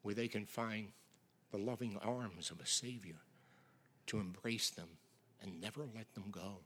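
A middle-aged male pastor preaching a sermon with emphatic swings from loud declarations to near whispers. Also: on the low side, a little slow.

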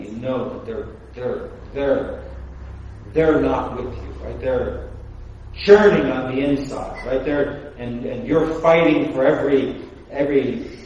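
A man's voice: mid-range voice, darkish tone, a little hiss or hum. A man preaching a sermon in a church in a conversational way, with many restarts and rhetorical questions to the congregation. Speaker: pastor. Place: church sanctuary. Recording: very echoey room from far off.

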